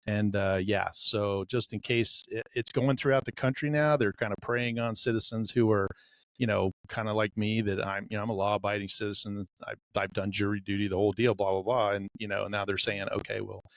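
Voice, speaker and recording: A man's voice: on the low side, flat delivery, fairly quick, creaky, dry recording, clean studio sound. A man co-hosting a casual podcast, telling a long story and acting out the voices of the people in it. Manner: storyteller who acts out quoted dialogue. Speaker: podcast co-host.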